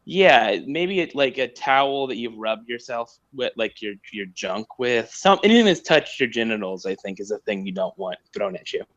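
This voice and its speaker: A man chatting as a podcast guest, loose and self-mocking, with a rambling, joking delivery. His voice sits at an ordinary middle pitch, and the line sounds a bit muffled and lo-fi. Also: sing-song, moderate pace, few pauses, fairly bright tone. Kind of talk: casual chat.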